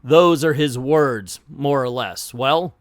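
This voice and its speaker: A man's voice: on the high side, expressive, moderate pace, a bit bright, no echo, studio quality. A man casually recapping a comic book, joking and slangy as he acts out the quotes. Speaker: comic book video host.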